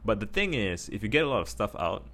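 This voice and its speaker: A young Singaporean man with a Singaporean accent, musing in a casual video monologue and deliberately speaking slowly from his chest. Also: sing-song, a bit bright. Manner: practicing a slow, deep, chest voice; thoughtful, many fillers and restarts. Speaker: vlogger.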